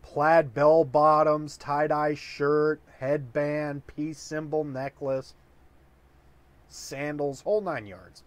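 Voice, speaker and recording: A tipsy man rambles through an improvised dirty joke and stops often for fillers. His voice sits a little high. The recording is close and dry. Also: steady tone, slow, no room sound. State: drunk. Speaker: comedic storyteller.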